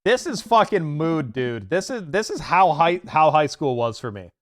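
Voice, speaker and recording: A man streaming a dating game, excitable and swearing casually as he reacts to the story. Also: a little high, normal speed, faint music behind. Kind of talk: casual gaming stream commentary.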